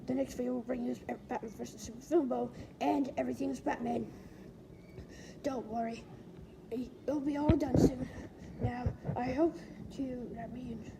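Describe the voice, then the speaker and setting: Rambling casual woman vlogger, very high voice, restarts sentences, drops to whispers; heavy noisy recording. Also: vocal fry. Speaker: vlogger filming a puppy. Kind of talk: casual home video chat.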